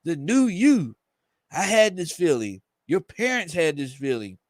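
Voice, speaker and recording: A menacing male villain taunts a young heroine, as a man reads his lines aloud. The voice sits a bit high for a man. The sound is dry, with no room around it. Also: big pitch swings, measured pace, no room sound. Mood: taunting. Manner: reading aloud from a comic page.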